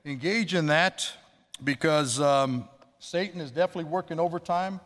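A man's voice: on the high side, a little fast, a bit bright. A man preaching a sermon as pastor, in a conversational, chatty manner with asides to the congregation. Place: church sanctuary. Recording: long hall reverb.

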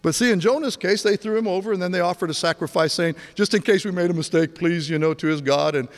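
A man in his sixties preaching a sermon, telling stories with energy and dropping to a hush for emphasis. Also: high-pitched, fast. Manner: animated storytelling, swings from loud to hushed. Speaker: pastor. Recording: long hall reverb.

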